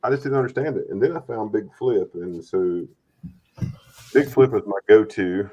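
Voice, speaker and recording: A man's voice: fairly low pitch, normal speed, dark tone, lo-fi sound. A man hosting a casual livestream chat, rambling and friendly, often repeating words. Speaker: stream host. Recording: faint background noise.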